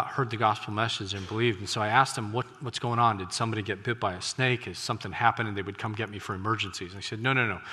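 Male missionary preacher, lower register, sermon storytelling with sudden loud bursts, echoing sanctuary. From United States. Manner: animated, breaks into loud exclamations. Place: church sanctuary. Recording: reverberant church hall.

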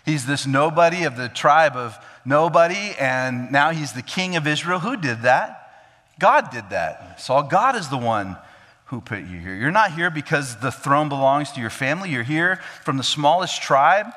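An earnest male pastor preaches a sermon with a bright, forceful voice. He walks through the text and acts out its scenes, and his words ring in a long hall reverb. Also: a little high, very animated, unhurried.

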